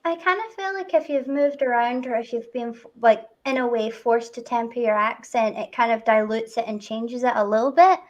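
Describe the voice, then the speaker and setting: A woman with a light Scottish accent, hosting a casual chat and talking in a lively, chatty way. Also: a little high, normal speed, hardly any pauses, muffled recording. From Scotland. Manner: chatty, laughs often. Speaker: host.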